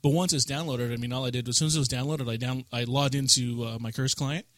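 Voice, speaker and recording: A man's voice: medium pitch, fairly even intonation, fast, a bit bright, dry recording. A man co-hosting a casual gaming podcast in a studio, chatting in a rambling way. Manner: chatty, rambling gamer talk. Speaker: podcast co-host. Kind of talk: casual chat.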